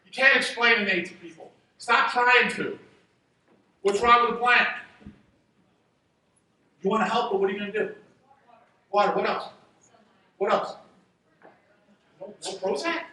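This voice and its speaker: A man giving a motivational talk on stage to a live audience, going from fired-up shouts to hushed asides. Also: sits high, unhurried, pauses often. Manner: energetic, shouting at peaks, drops to a hushed aside. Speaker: chiropractor speaking at a seminar. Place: large event hall with an audience. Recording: roomy hall reverb, heard from a distance.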